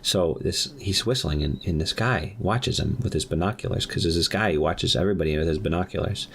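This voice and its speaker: Low-voiced man rambling a comic tale. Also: fairly quick, slight background noise. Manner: rambling, restarts, deadpan asides. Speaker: podcast co-host telling an improvised story. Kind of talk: rambling improvised comic storytelling.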